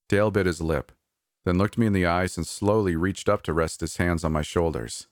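A man narrating a first-person story in a steady, earnest reading. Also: low-pitched, moderate pace, no room sound, studio quality.

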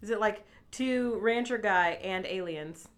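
A young woman co-hosting a casual chat show, teasing the host with quick wisecracks. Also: mid-range voice, a bit bright, a little hiss or hum. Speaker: guest co-host.

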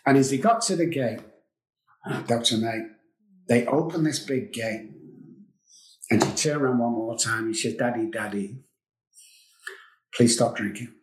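A man's voice: mid-range voice, normal speed, pauses often. A middle-aged man speaks as an interview guest, recounting personal hardships in an earnest, confessional manner. He circles back on phrases to drive them home. The recording has a noticeable roomy echo. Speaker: guest, addiction recovery expert. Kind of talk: emotional personal storytelling.

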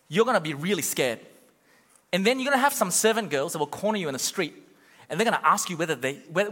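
A preacher doing a soft-spoken Jesus. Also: male voice, high-pitched, big-room sound, voice pushed down. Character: Jesus speaking gently to a friend.

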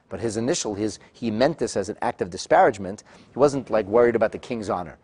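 A man teaching a text-study lecture, animated and full of restarts, acting out quoted speakers with sudden loud bursts. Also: lowish voice, fast talker, husky. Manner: frequent restarts and repeated words. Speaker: Torah teacher.

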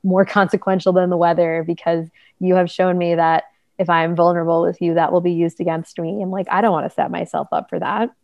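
Animated woman with a lowish voice. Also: fairly quick, no echo, muffled recording. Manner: animated, acts out quoted speech, many fillers. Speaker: podcast co-host. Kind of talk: casual conversation about relationships.

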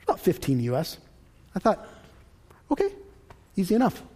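Man, storytelling sermon, higher voice. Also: normal speed. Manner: lively storyteller who acts out dialogue, conversational. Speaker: Christian teacher. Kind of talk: sermon-style teaching with personal stories.

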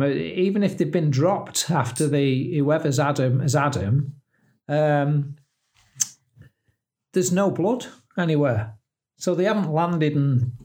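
A man in middle age, talking slowly in casual podcast chat. His voice sits a little high for a man, and he laughs often as he jokes his way through what he reads out. Unhurried and chatty. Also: darkish tone. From England. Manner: jokey, laughs often, reads out search results. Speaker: podcast co-host.

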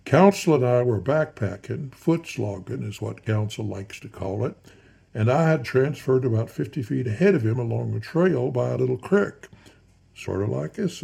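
A man telling a folksy, drawn-out story with soft, hushed asides. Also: mid-range voice, vocal fry, slightly rough. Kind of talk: spoken storytelling.

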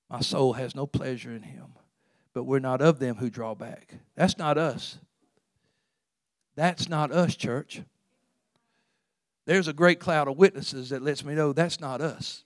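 Fervent preacher with a lilt. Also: male voice, fairly high pitch, slow pace, long pauses, no echo, clean studio sound. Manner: fervent preaching, swings from loud to hushed. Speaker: pastor. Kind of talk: sermon.

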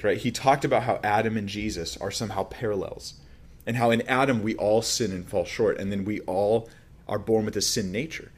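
A male pastor with a lowish voice preaches a sermon, teaching through a Bible passage conversationally. He uses emphatic rises and restarts frequently.

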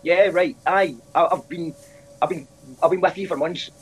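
A man's voice: a little high, steady tone, moderate pace, faint music behind, low-quality recording. A man making a comic complaint call, exasperated and ranting, repeating himself. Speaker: caller.

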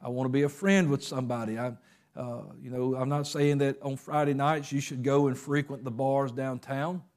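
A man preaching a sermon in a conversational way, acting out little quotes and often pausing with fillers. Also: medium pitch, level tone, a little mellow. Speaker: pastor.

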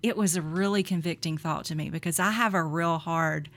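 A middle-aged woman co-hosting a faith podcast, telling lively stories, laughing often and acting out quotes. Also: fairly low pitch, fairly quick. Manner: animated storyteller, laughs often, acts out quotes.

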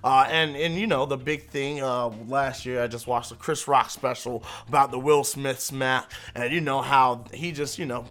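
A man hosting an interview, asking long rambling questions with many fillers and a playful, excitable manner. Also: medium pitch, moderate pace, few pauses. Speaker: interview host. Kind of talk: casual interview chat.

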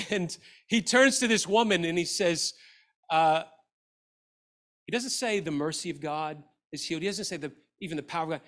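A middle-aged man, a pastor, preaching a sermon with passion, dropping to a quiet voice when he quotes scripture. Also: fairly high pitch, normal speed, pauses often.

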